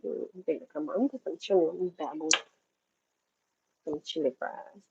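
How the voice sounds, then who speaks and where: A woman's voice: low voice, brisk, gravelly, lo-fi sound, very noisy. A woman from New York chatting casually to her livestream viewers while cooking at home, rambling and talking straight to them. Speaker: livestream host.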